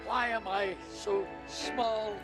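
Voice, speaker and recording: A man's voice: high voice, fairly even intonation, takes it slowly. A man singing a comic Broadway-style song as a pleading lovesick man calling out to God. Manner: sung, begging, showtune delivery. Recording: sung over loud music.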